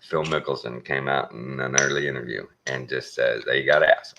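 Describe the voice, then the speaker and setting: A man's voice: rumbling low, animated, moderate pace, vocal fry, pushed and bright, lo-fi sound, slight background noise. A man with a Texan accent giving a folksy, plain-spoken opinion monologue with a wry edge. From Texas. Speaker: show host.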